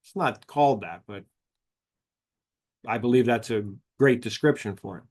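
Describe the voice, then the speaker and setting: A man's voice: medium pitch, normal speed, darkish tone. Chatty man giving a benefits seminar. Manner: chatty, tells anecdotes, acts out dialogue. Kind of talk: seminar talk on retirement benefits.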